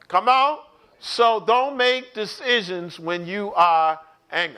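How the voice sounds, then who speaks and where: A man's voice: high voice, fairly even intonation, slow, bright, forceful tone, clear, resonant tone. A man teaching an online Bible study sermon, preaching with animation, acting out quotes and speaking straight to his listeners.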